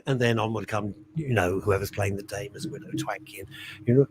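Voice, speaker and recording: A middle-aged male radio host with a slightly husky voice that swings up and down a lot as he tells stories. He chats casually and sometimes breaks into little sung jingles. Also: fairly low pitch, a little fast, low-quality recording. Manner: animated storyteller, sings jingles and little musical stings. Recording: radio studio.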